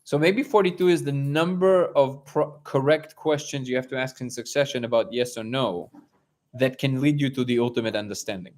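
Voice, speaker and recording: A man's voice: medium pitch, normal speed, a little mellow. Rambling male livestream host. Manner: rambling storyteller, acts out dialogue. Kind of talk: casual live chat.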